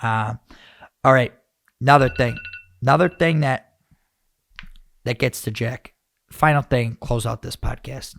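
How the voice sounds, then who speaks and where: A man hosting a podcast, rambling and animated as he rants, with lots of restarts. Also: medium pitch, measured pace, creaky, long pauses, dry recording, clean studio sound. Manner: animated, rambling, self-interrupting. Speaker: podcast host. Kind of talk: casual podcast rant.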